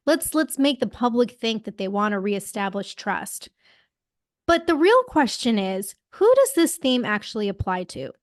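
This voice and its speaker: Outspoken woman podcaster, slightly high voice. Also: dry recording, clean studio sound. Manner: outspoken, sarcastic, laughs at own slips. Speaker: podcast co-host. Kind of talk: casual podcast commentary, reading quotes.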